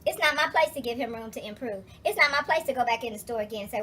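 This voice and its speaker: A woman's voice: a little high, expressive, fast, pushed and bright, slight background noise. A young adult woman vlogger retelling a story as a rant, profane, emphatic and exasperated.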